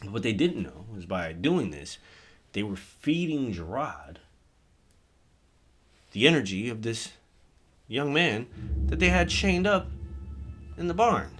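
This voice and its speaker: A man's voice: mid-range voice, big pitch swings, slow, long pauses, a bit bright. A man telling a horror-comedy story in a casual, rambling, offhand way, with some swearing. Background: music.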